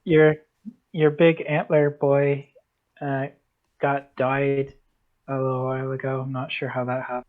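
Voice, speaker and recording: A woman's voice: very deep voice, flat delivery, unhurried. A woman playing a tabletop game, chatting casually and a bit hesitantly over a call. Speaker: player. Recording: tinny call audio.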